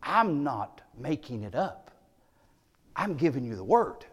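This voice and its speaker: A man preaching a sermon, moving between loud, emphatic declarations and hushed, quiet passages. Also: mid-range voice, big pitch swings, takes it slowly, slightly rough. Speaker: pastor. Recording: long hall reverb.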